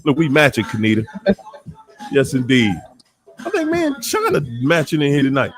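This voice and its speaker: A man with a Washington DC accent hosting a live online show, giving playful, slangy shout-outs to viewers. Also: mid-range voice, moderate pace, pauses often, no room sound. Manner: animated and playful, slangy, laughing often.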